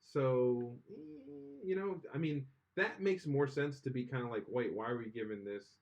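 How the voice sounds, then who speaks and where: A man's voice: mid-range voice, very animated, measured pace, creaky, a little mellow, dull audio. Opinionated man rambling on a podcast. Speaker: podcast co-host. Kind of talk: casual podcast chat.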